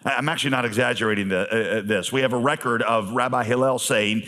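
A male pastor preaching a sermon in a conversational manner, with humorous asides and emphatic pauses. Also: mid-range voice, fairly even intonation, pushed and bright.

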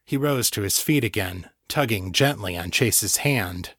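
A man reading a novel aloud as an audiobook narrator, in an even, measured storytelling way. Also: on the low side, slightly rough, dry recording, studio quality.

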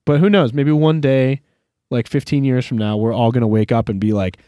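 A man's voice: mid-range voice, brisk, no echo, studio quality. A man co-hosting a podcast, giving opinionated, wry takes in casual chat about cars. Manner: opinionated, wry, animated delivery. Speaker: podcast co-host.

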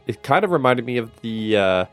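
A man's voice: medium pitch, expressive, fairly quick, faint music behind. A man playing a casual word game with friends, joking and laughing as he talks. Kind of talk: casual chat among friends.

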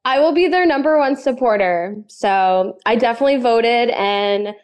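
A woman's voice: on the high side, animated, normal speed, clear, resonant tone. A young woman chatting casually and gushing, with lots of fillers and giggles. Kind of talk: casual chat.

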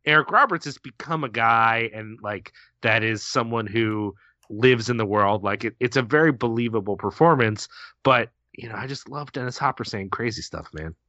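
A man's voice: mid-range voice, normal speed, sharp tone, no echo, muffled recording. A man co-hosting a casual podcast, rambling with hesitant restarts. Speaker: podcast co-host.

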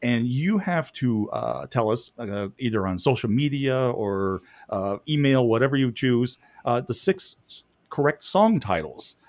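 Lively laughing man podcast host. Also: mid-range voice, unhurried, no echo. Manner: lively, laughing, loose DJ-style delivery. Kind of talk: casual podcast chat.

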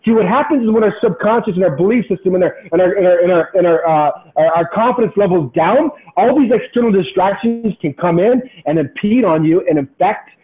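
A man in his forties, a former pro ballplayer, tells a story as a podcast guest in an animated, intense, motivational way, repeating words when excited. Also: high-pitched, fairly quick, few pauses. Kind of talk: storytelling in casual interview. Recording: tinny phone-like sound.

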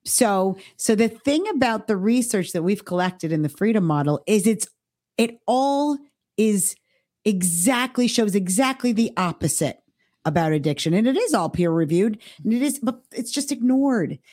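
A woman co-hosting a podcast, talking casually and stressing her main points by slowing down on key words. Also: medium pitch, expressive, a little mellow, dry recording, clean studio sound. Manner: emphatic, stresses key words with slowed delivery. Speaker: podcast co-host.

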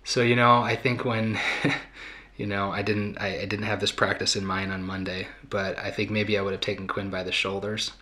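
Bright-voiced middle-aged man, thoughtful talk. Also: on the low side, flat delivery, normal speed. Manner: thoughtful, conversational, with fillers and restarts. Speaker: podcast host. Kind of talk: reflective talk answering listener questions.

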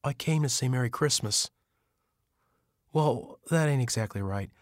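A worn-down middle-aged man who stumbles over his words, voiced by a male narrator. His voice is lifted a little above the narrator's low register. The sound is dry and close. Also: no room sound, close to an everyday voice. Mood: defeated. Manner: halting, mumbling.

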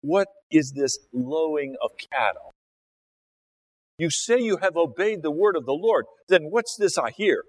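A man's voice: on the high side, lively intonation, measured pace, pitched above the performer's own voice. A man voicing a stern older prophet who rebukes a king with indignant questions. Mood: accusing.

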